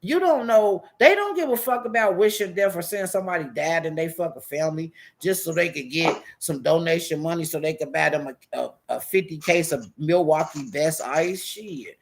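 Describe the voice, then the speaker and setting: On the high side with vocal fry, he talks at normal speed with hardly any pauses, and there's a little hiss or hum. This Washington DC YouTube commentator rants about streamers in profane, laughter-filled stories, performing other people's lines in shifting voices.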